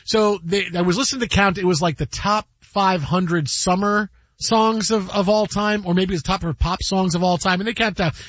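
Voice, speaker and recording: A man's voice: high voice, fairly even intonation, normal speed, a bit bright, no room sound, dull audio. A man hosting a sports radio show, chatting casually and joking, often slipping into quoted voices. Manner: jokey, rambling, breaks into quoted voices.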